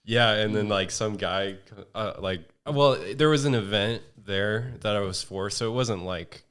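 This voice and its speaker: A man from Northern California speaks as a guest in a relaxed chat. His voice is low and smooth, and he tells stories haltingly, full of fillers. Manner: hesitant storyteller, many fillers. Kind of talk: casual chat.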